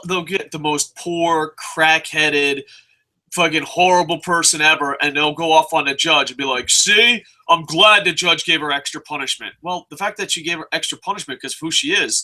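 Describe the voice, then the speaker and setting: A man's voice: a little high, fairly even intonation, moderate pace, pushed and bright. A man co-hosting a casual chat show, ranting with heavy profanity. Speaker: podcast co-host.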